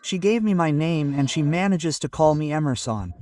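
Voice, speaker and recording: Man, stand-up comic, fairly high voice, heard from a little off the mic. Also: normal speed, distant mic. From Northeast Brazil. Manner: animated storytelling with frequent tag questions. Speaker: stand-up comedian. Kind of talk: stand-up comedy set. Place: stage in front of a live audience.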